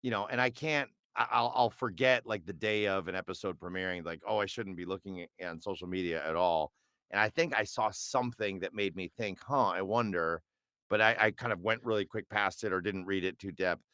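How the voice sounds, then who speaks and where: A man's voice: deep voice, brisk, bright, forceful tone, dry recording, studio quality. A middle-aged man, a voice actor, chatting as a guest in an interview with lots of fillers and restarts. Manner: rambling and hesitant, with many fillers and restarts. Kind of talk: casual interview chat.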